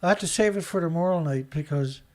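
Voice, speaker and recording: A man's voice: fairly high pitch, fast, darkish tone. Sarcastic indignant man hosting commentary. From Canada. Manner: sarcastic, indignant, breaks into laughter. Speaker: host of a news commentary show. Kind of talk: casual solo commentary reading news stories. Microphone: studio mic.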